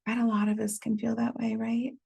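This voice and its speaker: A woman leading a support group through a gentle guided reflection, calmly reading out messages from the chat. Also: fairly high pitch, vocal fry, slightly rough. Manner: gentle, unhurried, reads chat messages aloud. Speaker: medium leading a healing workshop.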